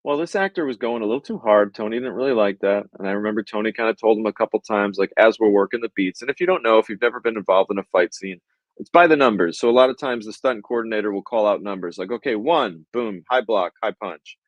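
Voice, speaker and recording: A man's voice: lowish voice, fast, no room sound, dull audio. A man hosting a podcast, telling a behind-the-scenes story casually, with lots of swearing and acted-out quotes. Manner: animated, profane, acts out quotes. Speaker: podcast host, filmmaker.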